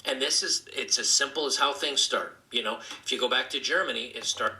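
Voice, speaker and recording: A man giving an earnest opinion monologue in a halting way, often restarting his sentences. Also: medium pitch, bright, forceful tone, echoey room, low-quality recording. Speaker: video commentator being reviewed.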